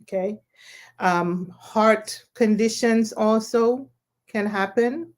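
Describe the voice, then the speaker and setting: Slow, measured woman guest. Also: medium pitch. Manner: measured, explanatory, checks in with "okay?". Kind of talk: explanatory conversation.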